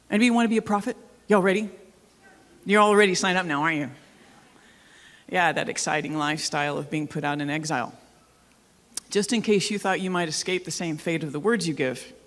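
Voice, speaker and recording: A woman pastor giving a sermon in a casual, joking way, often asking the congregation questions. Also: medium pitch. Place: church hall. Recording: long hall reverb.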